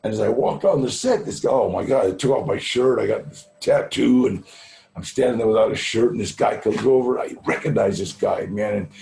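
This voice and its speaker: A man's voice: on the low side, fairly quick, vocal fry, mellow, roomy sound. An older man, a guest speaker, telling laid-back anecdotes in a casual way, dropping "man" and "you know" and acting out the people in his stories. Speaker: guest speaker at a recovery fundraiser.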